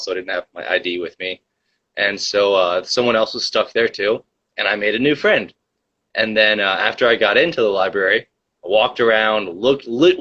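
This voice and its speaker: A man's voice: on the low side, fairly bright tone, muffled recording. A young man hosting a casual livestream, telling a rambling story full of fillers and reading the chat.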